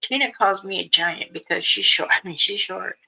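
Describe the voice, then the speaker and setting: A woman, a spiritual elder, telling a story in casual spoken style, unhurried, pausing and restarting. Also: mid-range voice, creaky, pushed and bright, slightly rough, rough recording.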